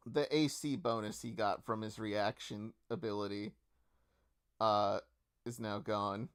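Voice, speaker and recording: A man runs a tabletop game, narrating the action and calling for rolls. He talks slowly and easily, with plenty of filler words, in a smooth, clear voice. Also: fairly low pitch, fairly even intonation, a bit bright. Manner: easygoing, with many filler words. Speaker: game master.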